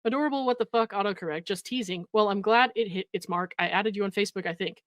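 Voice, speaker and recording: A woman's voice: medium pitch, fairly even intonation, quick pace, a bit bright, no echo. A woman hosting a commentary show, reading messages aloud and mocking them with sarcasm, swearing and frequent laughter. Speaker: commentary host.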